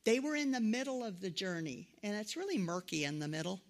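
Middle-aged female preacher, conversational sermon, gravelly tone, animated when quoting others. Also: mid-range voice, a little fast. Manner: conversational, animated quoted voices. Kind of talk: sermon with personal stories.

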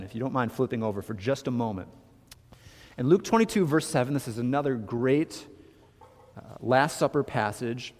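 A man preaching a sermon as pastor, telling a story with emphatic swings in loudness. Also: mid-range voice, in a large hall. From Michigan.

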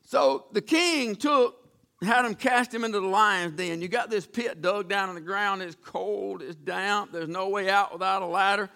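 A man's voice: high-pitched, moderate pace, creaky, sharp tone. A man preaching a sermon, retelling Bible stories in a folksy, dramatic way with acted-out voices. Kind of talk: storytelling sermon.

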